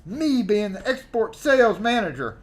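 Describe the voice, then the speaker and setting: A man with a high-pitched voice, speaking at a normal pace, hosts a live stream. He reads old magazine letters aloud with theatrical flair, tossing in jokey asides along the way.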